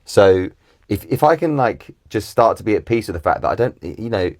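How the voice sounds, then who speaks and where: A man who is a guest on a podcast, talking in an easygoing, relaxed way and often laughing. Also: lowish voice, fairly quick, no echo, clean studio sound. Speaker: podcast guest, actor and coach. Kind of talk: casual conversational interview.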